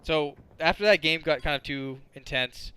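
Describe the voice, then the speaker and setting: A man's voice: on the high side, moderate pace, pushed and bright, clear, resonant tone. A man in his twenties telling crude, rambling stories as casual gameplay commentary, full of filler words. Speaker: gaming commentator.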